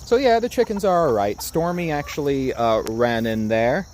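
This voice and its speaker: A man from Japan livestreams casually about his chickens from his backyard on a phone camera, coaxing the birds in a soft sing-song. His voice is mid-range at a normal speed. The outdoor phone recording has steady background noise, with chickens clucking and insects chirping.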